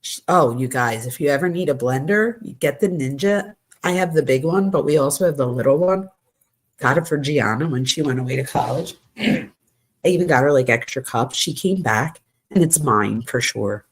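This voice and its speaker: A woman's voice: rumbling low, moderate pace, breathy edge. A woman hosting a true crime channel, reading text messages aloud and breaking in with exasperated asides. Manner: exasperated asides between quoted texts.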